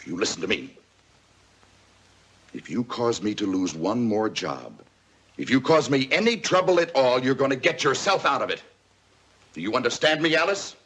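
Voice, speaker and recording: A man's voice: sits low, very animated, unhurried, pauses often, husky, heavily acted. An actor playing a stern working father who scolds his daughter, in 1950s TV drama style. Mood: angry. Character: stern hardworking father, fed up.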